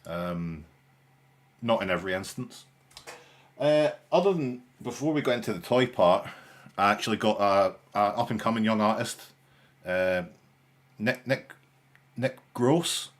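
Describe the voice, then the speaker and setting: A man's voice: fairly low pitch, animated, measured pace, long pauses. A young man hosting a live stream in casual chat, with dry, sarcastic humour and a rambling way of talking. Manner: rambling, with frequent restarts and fillers.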